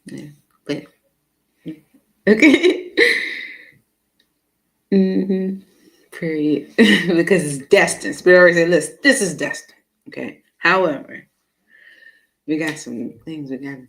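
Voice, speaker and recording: A woman's voice: fairly low pitch, takes it slowly, pauses often. A woman giving a casual live tarot reading, chatty and laughing often, with many fillers. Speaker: tarot reader.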